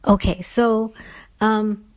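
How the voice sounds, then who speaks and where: A woman's voice: medium pitch, fairly even intonation, slow, dry recording. Woman, middle-aged, casual Q&A talk, thoughtful, lots of ums and restarts, dry close recording. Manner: thoughtful, many fillers and restarts. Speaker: recovery coach answering listener questions.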